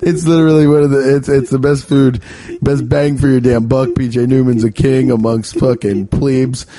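A man's voice: mid-range voice, warm tone. A man hosting a podcast, chatting casually with crude jokes and frequent laughter. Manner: crude, laughs often, jokey. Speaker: podcast host. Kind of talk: casual comedic chat.

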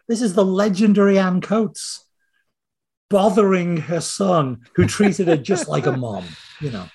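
A man with a slightly higher voice talks as a podcast guest, wandering through anecdotes. He stops and restarts his sentences often and is chatty and informal. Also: measured pace, darkish tone, breathy edge. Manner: rambling, anecdotal, self-interrupting. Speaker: screenwriter guest. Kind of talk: casual interview chat.

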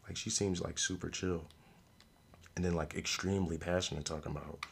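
A young man hosting a podcast, giving a casual, slangy review of a show with frequent laughs and animated outbursts. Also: brisk, creaky, husky. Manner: animated, slangy, laughs often, loud jumps in pitch. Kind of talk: casual solo review chat.

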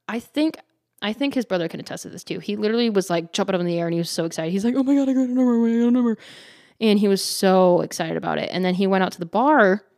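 On her podcast, a woman with a lowish voice shares a casual story in a giggly, chatty style full of "like" fillers. She dramatizes it by performing playful quoted voices with plenty of life. The sound is studio quality, without room sound.

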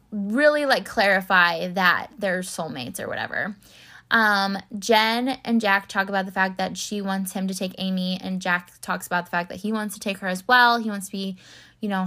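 A woman's voice: medium pitch, bright, forceful tone. A young woman chatting casually through a TV recap, rambling with lots of fillers and getting teary. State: tearful. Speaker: podcast host recapping a TV series. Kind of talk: casual chat.

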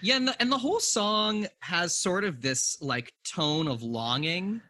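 A man's voice: high voice, unhurried, sharp tone, no echo. A man hosting a podcast, talking about a song in a thoughtful, reflective way. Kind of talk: casual music discussion.

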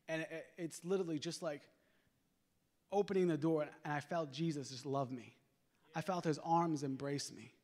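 A man with a high voice preaches from a church platform, with a long reverb ringing around him. He tells his own story in a plain, conversational way and urges the congregation to respond. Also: darkish tone. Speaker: guest preacher giving testimony. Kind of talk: sermon testimony. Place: church sanctuary.

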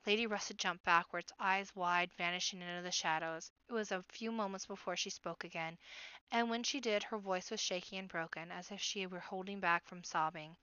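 Woman reading a kids book out loud, expressive, crisp clear voice, dry kinda dull sound. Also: fairly low pitch, moderate pace, dry recording. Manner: expressive storybook narration. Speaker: storyteller. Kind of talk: reading a children's novel aloud.

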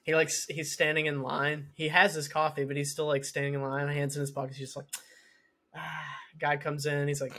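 Bright-voiced young man telling a story. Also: fairly high pitch, flat delivery, brisk. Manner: storytelling, quoting others. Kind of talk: casual chat.

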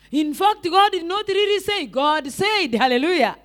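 A woman's voice: extremely high pitch, expressive, moderate pace, fairly bright tone. A woman evangelist preaching a sermon, repeating rhetorical questions and calling out to the congregation.

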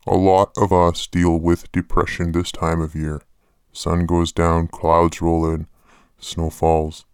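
A man playing a male therapist pitching in a parody ad, in a calm, earnest and deadpan way. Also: creaky, no echo, clean studio sound. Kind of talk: parody ad voice-over.

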